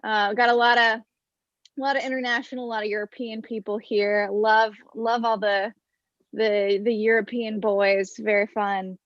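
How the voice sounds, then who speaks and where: A woman's voice: medium pitch, flat delivery, a little slow, dry recording, lo-fi sound. A young woman doing a stand-up comedy set over an online stream, wry and self-deprecating, chatty with lots of fillers.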